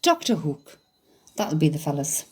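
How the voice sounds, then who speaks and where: A middle-aged woman, chatting casually on a livestream, excitable, laughing often and swearing freely. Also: sits low, measured pace, husky, faint music behind. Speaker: psychic medium livestreamer. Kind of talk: casual livestream chat reading comments.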